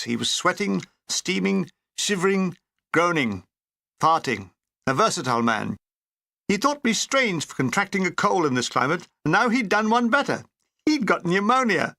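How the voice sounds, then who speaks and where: A man's voice: high voice, very animated, normal speed, vocal fry, pushed and bright, dry recording. A man reading a comic war memoir aloud with dry, wry storytelling. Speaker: audiobook reader.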